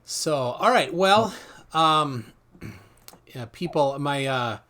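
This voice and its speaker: A man hosting a casual livestream debate, talking in halting bursts with lots of fillers. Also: a little high, animated, sharp tone, a little hiss or hum. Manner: halting, many fillers, chatty. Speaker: livestream host.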